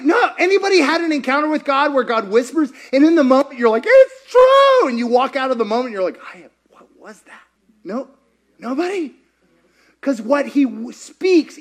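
A man preaching a sermon, dramatic and expressive, dropping into whispers and rising to shouts as he acts out the scenes. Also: extremely high pitch. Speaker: pastor.

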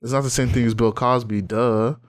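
A man co-hosting a casual podcast chat, animated, sarcastic and profane. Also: medium pitch, fairly quick. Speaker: podcast co-host.

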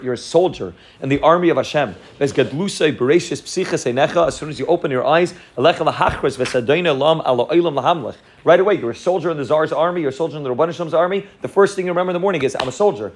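Rapid-fire man giving a Torah class. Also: fairly high pitch. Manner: rapid, repetitive, mixes Hebrew and Yiddish terms into English. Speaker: rabbi teaching a class. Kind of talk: fast Torah lecture.

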